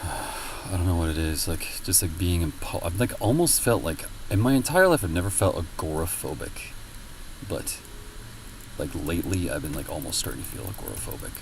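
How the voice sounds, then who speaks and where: A man with a deep, sing-song voice chats casually with viewers while streaming a game, rambling at a moderate pace with plenty of fillers and a lot of swearing. The mic is distant and the background is noisy.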